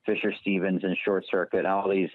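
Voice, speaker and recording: A man from Detroit, a TV writer, talking casually as an interview guest, rambling and telling animated stories. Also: low-pitched, brisk, dry recording. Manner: rambling, animated storytelling with quoted voices. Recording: dry, phone-like narrow sound.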